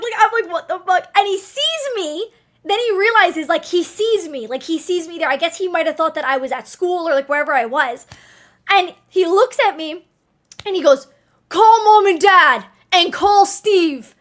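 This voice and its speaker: A young woman talks straight to her stream chat, telling a story in a loose, casual way. Her voice sits very high, and her delivery is animated, with plenty of swearing. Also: moderate pace.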